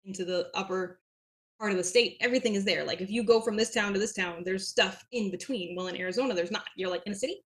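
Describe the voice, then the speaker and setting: A woman's voice: medium pitch, fast. A young woman from southern New Hampshire, chatting as an interview guest, with frequent fillers and laughs. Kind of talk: casual interview chat.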